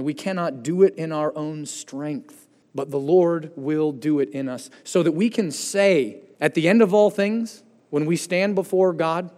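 A man preaching with a high, bright voice that swings from loud bursts to hushed, fading endings. His sermon rings with long reverb through a church hall. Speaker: pastor. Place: church sanctuary.

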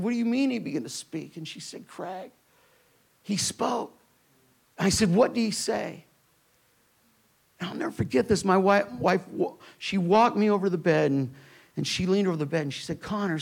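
Gravelly high-voiced male preacher. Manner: emphatic preaching, drops to hushed tones in tender moments. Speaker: pastor. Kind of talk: sermon storytelling.

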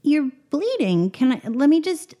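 A woman's voice: sing-song, unhurried, mellow. Woman doing a sweet, naive young medic. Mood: earnest. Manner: earnest, high and sweet.

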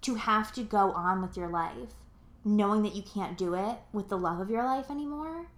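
A young woman co-hosts a podcast in loose, rambling chat, packing her sentences with fillers and curse words. Her voice sits at an ordinary middle pitch. The recording sounds roomy, with a noticeable echo around her. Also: normal speed. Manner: rambling, filler-heavy, profane and emotional. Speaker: podcast co-host. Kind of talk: casual chat.

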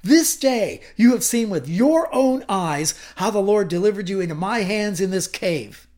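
A man voicing a young warrior leader who pleads loudly and passionately with a king. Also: high voice, lively intonation, measured pace, voice pushed up. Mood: impassioned. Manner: loud, impassioned, declaiming.

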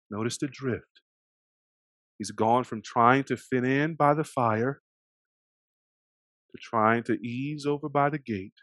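A man preaching a sermon, animated, swinging between loud emphasis and hushed moments, sometimes acting out the voices of the people in the story. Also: medium pitch, no echo. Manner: animated, acts out voices of the characters.

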